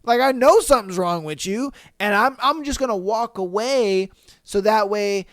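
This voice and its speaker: A man's voice: high-pitched, moderate pace, fairly bright tone, dry recording, studio quality. A man hosting a podcast in casual chat, reacting to listener comments in a blunt, profane way. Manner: blunt, profane, keeps asking "you know what I mean". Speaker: podcast host.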